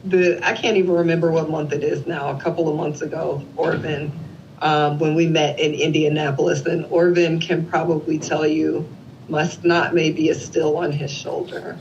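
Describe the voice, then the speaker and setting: With a low-pitched voice and moderate pace, a woman in her forties shares an emotional family story as an interview guest, vividly performing each person's lines. Slight background noise runs under a slightly dull, lo-fi recording.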